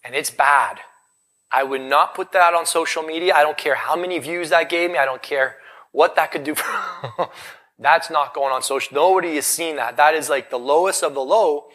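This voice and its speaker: Male motivational speaker, thirties, live seminar, bright voice pitched a little high, punchy questions to the crowd. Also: moderate pace. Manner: energetic, rhetorical questions to the audience. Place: event hall in front of a live audience.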